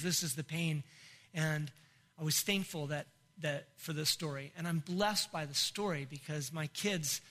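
This pastor, a middle-aged man, has a fairly bright, rather high voice. Recounting a personal testimony in a sermon, he grows emotional and tearful, with laughs breaking through.

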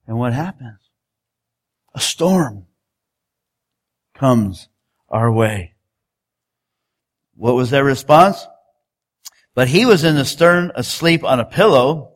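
Guy giving a sermon, kinda high voice, chatty then pushes hard on the big lines. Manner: conversational preaching with rising emphatic exhortations. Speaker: preacher.

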